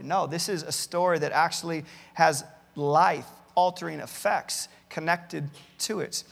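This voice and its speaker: A man's voice: a little high, creaky, a bit bright, long reverb tail. A male pastor preaching a sermon, earnestly reading out many Bible verses and often repeating words as he starts a thought. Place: church campus, large hall.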